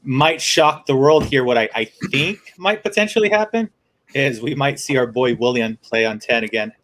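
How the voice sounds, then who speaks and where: A man's voice: medium pitch, moderate pace, fairly bright tone. A man calling into a fan podcast's open mic, laying out his points one by one in casual chat. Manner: methodical, lists points.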